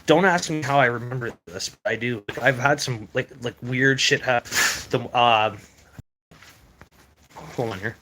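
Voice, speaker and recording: A man's voice: mid-range voice, normal speed, pauses often, sharp tone, a little hiss or hum. A young man casually recounting strange experiences, rambling with lots of fillers and swearing. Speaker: paranormal video creator. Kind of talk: casual storytelling.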